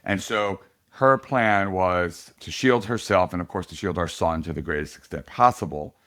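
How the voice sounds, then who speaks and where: A middle-aged man, a political candidate, telling a story in a casual podcast interview, animated and laughing often. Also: low-pitched, moderate pace.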